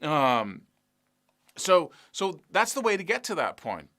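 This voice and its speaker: A man's voice: fairly high pitch, big pitch swings, takes it slowly, pushed and bright. A man teaching an online guitar lesson, enthusiastic and encouraging, often checking in with "right?" and "you know".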